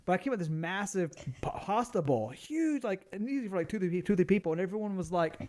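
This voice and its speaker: Rambling, fairly high-voiced man storyteller. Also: expressive, quick pace, darkish tone. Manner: rambling storyteller, acts out quoted people, lots of fillers and restarts. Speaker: podcast co-host. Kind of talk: casual chat.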